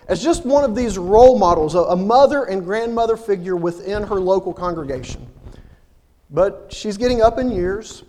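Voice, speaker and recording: Hesitant preacher with a high voice. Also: male voice, darkish tone, long reverb tail. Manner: halting, many fillers and repeated words. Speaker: minister. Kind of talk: sermon.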